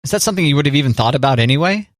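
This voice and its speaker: A man's voice: medium pitch, animated, rapid-fire, no room sound. A man co-host with a mid-range voice, recorded close and dry. He teases his partner in a loose, jokey way and keeps the chat going with questions. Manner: teasing, jokey, asks questions. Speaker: podcast co-host. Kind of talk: casual chat.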